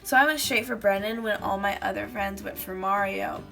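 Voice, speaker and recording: Creaky-voiced woman rambling through a vlog. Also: medium pitch, moderate pace, pushed and bright, faint music behind. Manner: rambling, fillers of "like", acts out quotes. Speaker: vlogger. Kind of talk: casual chatty recap to camera.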